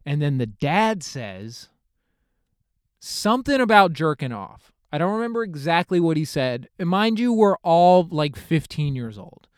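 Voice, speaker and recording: A man's voice: fairly high pitch, sing-song, a little slow, clear, resonant tone, no room sound, studio quality. Rambling, profane young man. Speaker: podcast host. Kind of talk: comedic storytelling.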